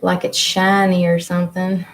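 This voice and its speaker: Talking into her laptop mic during a laid-back live-streamed painting lesson, this young woman speaks at normal speed in a lowish, monotone voice. She's chatty and rambling, narrating to herself while she works.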